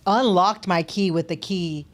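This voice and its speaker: A woman co-hosting a casual podcast, with a fairly low voice. She mostly listens and gives brief, supportive replies, and sometimes shares a short story of her own. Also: measured pace. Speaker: podcast co-host.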